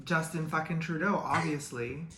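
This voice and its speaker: Bright-voiced man in an echoey room. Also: fairly high pitch, fairly even intonation, moderate pace. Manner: chatty, blunt, gossipy. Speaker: podcast co-host. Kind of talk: casual chat. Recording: echoey room with faint noise.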